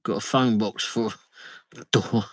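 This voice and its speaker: Slow-talking man chatting live. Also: fairly low pitch, fairly even intonation, no room sound, rough recording. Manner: chatty, reads out viewer comments, muttering asides. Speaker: livestream host. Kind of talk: casual live chat while travelling. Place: in a vehicle on the road.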